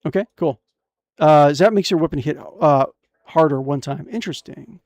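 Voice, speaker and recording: A man's voice: a little high, normal speed, no room sound. A young man streaming a fantasy adventure game, reading its text aloud and cracking crude jokes. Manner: excitable, jokey, reads game text aloud with crude asides. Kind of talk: casual gameplay commentary.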